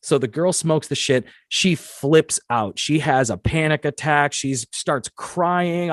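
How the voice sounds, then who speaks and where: A man hosting a casual interview, telling stories in an animated way, acting out quotes and swearing freely. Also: a little high, slow pace, few pauses, no echo, studio quality. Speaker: host.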